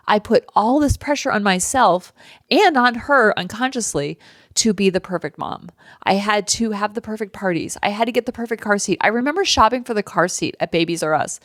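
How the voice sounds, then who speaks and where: A woman's voice: medium pitch, no echo. Candid woman podcast host, dry sound. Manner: candid and emotional, quick asides. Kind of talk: casual personal monologue.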